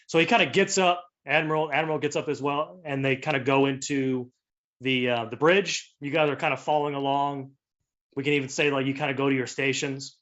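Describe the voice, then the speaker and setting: A man's voice: mid-range voice, fairly even intonation, a little fast, fairly bright tone, highs cut off. A man narrating as game master in a tabletop game, loose and full of fillers.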